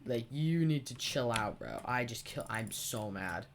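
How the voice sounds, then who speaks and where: While playing, a teenage boy hosting a gaming video tells a rambling, sarcastic, swear-heavy story. He sounds animated and a little slow, his mid-range male voice a bit bright, with slight background noise.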